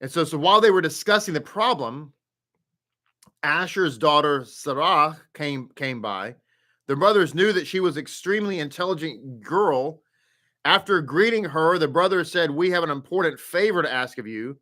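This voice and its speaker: A man's voice: fairly high pitch, lively intonation, moderate pace, sharp tone. A man leading a live Torah study, greeting viewers by name and chatting casually before he teaches.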